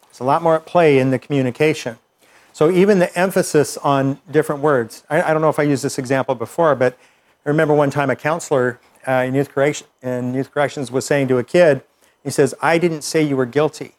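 A man's voice: on the high side, fairly even intonation, a little fast. A man teaching a class, explaining ideas with examples and often restarting his sentences. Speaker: instructor.

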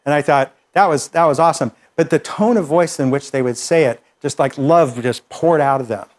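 A man leads a live workshop and explains ideas to the group in an easy, conversational way. His voice sits a little on the high side, and he circles back on his words as he thinks aloud. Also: fairly quick. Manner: relaxed, conversational explaining with fillers and restarts. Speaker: workshop instructor.

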